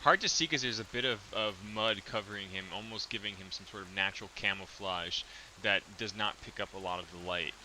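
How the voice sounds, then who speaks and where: A man narrating as game master of a tabletop game, in a halting, hesitant way. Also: on the low side, sharp tone, slight background noise, low-quality recording.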